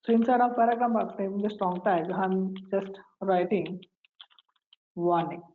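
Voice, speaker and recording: A woman walking through a coding tutorial, pausing and repeating phrases as she types. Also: medium pitch, fairly even intonation, narrow, tinny audio, slight background noise. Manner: halting, repeats phrases while typing. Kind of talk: screen-recorded coding tutorial.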